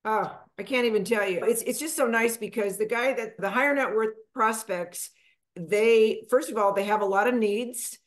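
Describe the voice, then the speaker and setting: A middle-aged woman from Texas speaks as a financial advisor guest on an interview. She tells her story in a chatty, animated way, acting out the people she quotes with sudden jumps in pitch. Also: normal speed. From Texas, USA.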